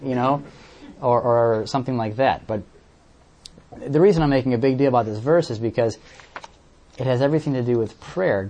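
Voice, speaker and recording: A man's voice: mid-range voice, a little fast, pauses often, dark tone. A man preaching a sermon, explaining verses with everyday examples and often repeating words as he searches for the next phrase.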